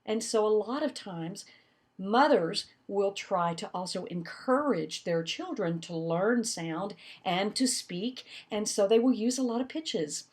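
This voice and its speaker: Brief: woman instructor, lively lecture delivery, acts out her examples. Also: medium pitch, unhurried. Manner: animated, demonstrating with her voice. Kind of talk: recorded lecture.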